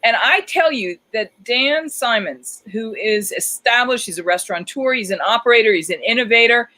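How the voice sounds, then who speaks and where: A woman's voice: on the high side, animated, normal speed, pushed and bright, rough recording. A woman hosting a live talk show, chatting in a theatrical, enthusiastic way. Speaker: show host.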